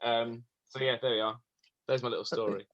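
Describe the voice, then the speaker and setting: A man with a Birmingham accent chats over a video call, bright and forward in tone. He rambles along with plenty of ums and pokes fun at himself. The sound is close and dry. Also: medium pitch, fairly even intonation, a little fast, no echo, lo-fi sound. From Birmingham, England. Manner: rambling, self-mocking, with many ums. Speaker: guest on a motoring chat show. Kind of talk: casual storytelling chat.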